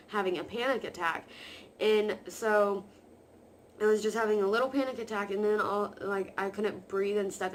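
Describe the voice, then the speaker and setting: A woman vlogger talks straight to camera, telling her story in a rush of excited, rambling sentences packed with "like". Her voice sits in a middle pitch range. A faint hiss of noise runs underneath. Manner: excited, rambling, heavy use of "like" fillers.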